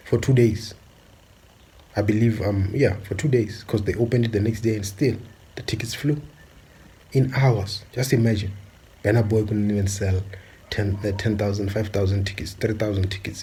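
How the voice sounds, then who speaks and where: A man from South Africa delivering a forceful, repetitive monologue with many filler pauses. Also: lowish voice, slight background noise. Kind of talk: impassioned monologue.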